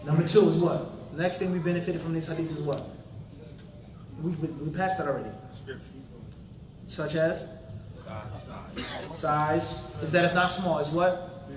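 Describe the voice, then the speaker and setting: A man's voice: a little high, steady tone, a little slow, pauses often, a crowd in the background. A man giving an interactive religious lecture in a mosque hall, constantly quizzing the audience with fill-in-the-blank questions and tossing in casual street-talk asides. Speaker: Islamic teacher. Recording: roomy hall, mic at a distance.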